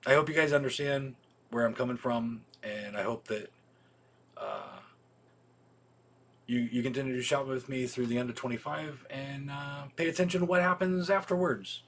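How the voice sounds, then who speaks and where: A man's voice: medium pitch, animated, moderate pace. A man hosting a casual livestream for his video store, rambling and swearing freely, with many ums and restarts.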